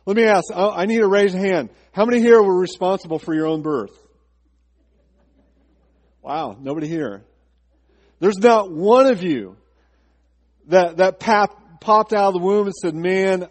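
A man's voice: high-pitched, a little mellow, in a large hall. A man pastor preaching a sermon to his congregation, asking rhetorical questions and slipping into a chatty personal story. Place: church sanctuary.

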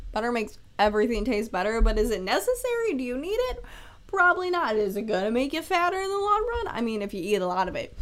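Young woman, podcast host, casual solo chat, slightly high voice, laughs a lot, swears casually. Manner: chatty and animated, laughs often, swears freely.

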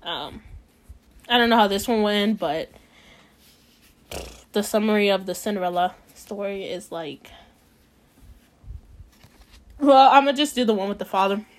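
Here a woman speaks at medium pitch and normal speed, pausing often. As a casual podcast host reading a bedtime story, she drifts off topic a lot and keeps dropping in "like."

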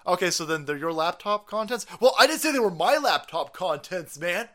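A high-pitched man rants on a live stream, his voice swooping up and down as he mocks and swears. He talks in a crude, scoffing way and keeps breaking into laughter. It sounds like a close home streaming mic. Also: animated, moderate pace, hardly any pauses, fairly bright tone. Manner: crude, mocking, laughs often. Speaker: podcast host. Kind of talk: profane comedic political rant.

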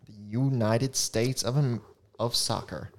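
A man's voice: medium pitch, measured pace, a little hiss or hum. A young man hosting a casual podcast chat, reading out score predictions and laughing often. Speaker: podcast host.

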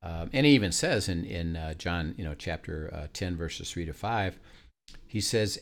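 A man's voice: deep voice, expressive, normal speed. A man in casual faith talk, telling stories and acting out little dialogues. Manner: storytelling, acts out dialogue.

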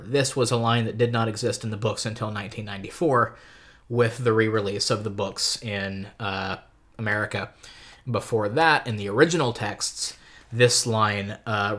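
A man's voice: on the low side, steady tone, normal speed, fairly bright tone. Man rambling on a book podcast. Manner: rambling, enthusiastic tangents with restarts. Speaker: podcast co-host. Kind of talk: casual book discussion.

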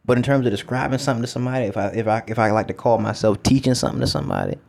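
A man's voice: medium pitch, big pitch swings, very fast, creaky, darkish tone. A man who works as a teacher, talking through his thoughts in a casual, reflective monologue outdoors, repeating words and swearing now and then. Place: outdoors with feet in water.

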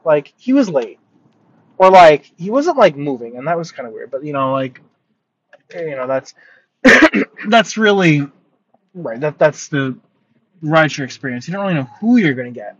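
A young man talking through his travels in a casual vlog, rambling and animated, with lots of filler words. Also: a little high. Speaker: vlogger. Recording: slightly muffled lo-fi sound.

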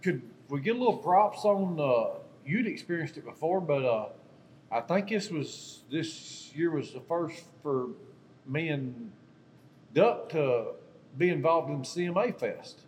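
A man's voice: a little high, expressive, a little slow, darkish tone, slight background noise, rough recording. A man, teasing his friends in casual podcast chat.

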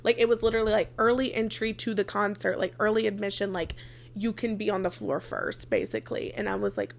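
Young woman, chatty vlogger storytelling, light vocal fry. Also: mid-range voice, brisk. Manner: chatty, frequent "like" fillers, casual swearing. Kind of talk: casual storytelling.

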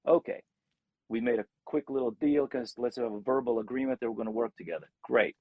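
Speaking fairly quickly in a medium-pitched voice, a middle-aged rock singer recounts stories from his career during a casual interview. He animates them by acting out people's quotes. The audio is narrow and tinny, with no echo.

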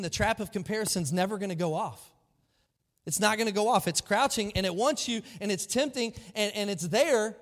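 A man preaching a sermon to his church, lively and emphatic, often acting out the voices of the people in his story. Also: high-pitched. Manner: animated preaching, acts out quoted voices. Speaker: pastor. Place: large church hall. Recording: long hall reverb.

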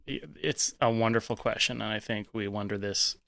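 A man's voice: lowish voice, steady tone, fairly quick, vocal fry, pushed and bright. A man hosting a live comedy stream, joking in a wry, dry way.

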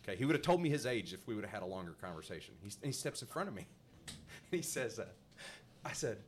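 This man's husky, low-leaning voice moves fast, with frequent pauses, as he hosts a podcast and spins a casual story. He laughs a lot and animatedly performs the voices of the characters in his tale.

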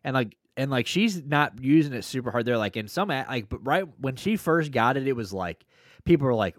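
A man co-hosting a podcast in casual chat, rambling and profane with excitable bursts. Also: medium pitch, fairly quick, dry recording, studio quality. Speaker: podcast co-host.

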